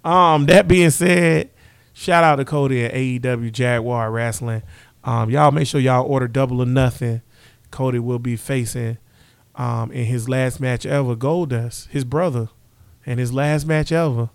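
A man's voice: mid-range voice, steady tone, unhurried, vocal fry, smooth, no room sound. A man hosting a casual sports chat, brash and teasing as he trash-talks. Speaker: podcast host.

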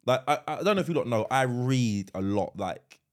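Animated man. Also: mid-range voice, normal speed. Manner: rambling, repeats words, swears freely. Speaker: podcast co-host. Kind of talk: casual chat.

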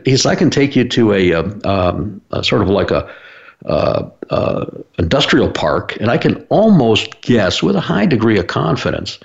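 A man's voice: low-pitched, muffled recording. A man hosting his own show, telling a long story in a rambling, anecdotal way with frequent fillers and restarts. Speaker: podcast host. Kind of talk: casual explanatory monologue.

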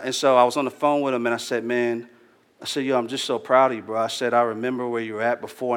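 Slangy preacher man in a reverberant church. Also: mid-range voice. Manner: casual storytelling preacher, slangy and earnest. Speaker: pastor. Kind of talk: sermon. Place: church hall. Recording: long hall reverb.

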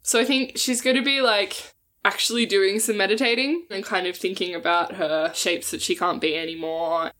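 A woman's voice: mid-range voice, steady tone, moderate pace, a bit bright. Thoughtful woman describing her character. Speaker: player.

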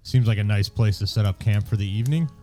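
A man's voice: on the low side, fast talker, warm tone, faint music behind. A man casually joking and laughing as a player in a tabletop game.

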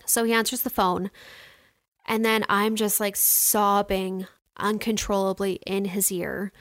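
A woman's voice: medium pitch, level tone, a little slow, fairly bright tone, no room sound, studio quality. A young woman telling a personal story to her viewers in a casual, chatty way, full of "like" and "you know", emotional, with her throat getting sore. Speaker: vlogger.

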